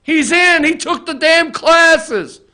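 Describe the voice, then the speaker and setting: A man hosting a political opinion show from an office, talking to the camera in a fired-up, profane rant and often shouting. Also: very high-pitched, slow pace. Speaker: host. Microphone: facing camera.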